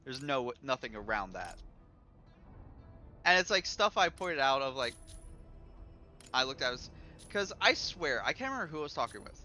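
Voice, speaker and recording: A man's voice: medium pitch, normal speed, pauses often, faint music behind. A man streaming and chatting casually, ranting and swearing a lot as he talks about a game. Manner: animated ranting, swears often. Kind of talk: casual gaming chat.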